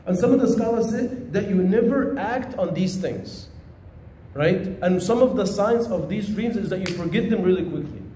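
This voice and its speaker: A man with a high, mellow voice teaches a religious lesson. He talks casually and tells lively stories. The room echoes, with a faint hum of ambience behind. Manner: conversational, storytelling, animated. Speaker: Islamic teacher.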